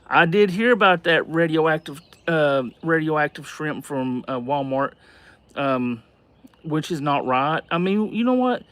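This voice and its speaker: A man's voice: fairly high pitch, expressive, measured pace, a bit bright, no echo. Hesitant man chatting on a livestream. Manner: reads out and answers viewer comments, thanks gifters; rambling and hesitant, many fillers and restarts. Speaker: livestream host. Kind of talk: casual livestream chat.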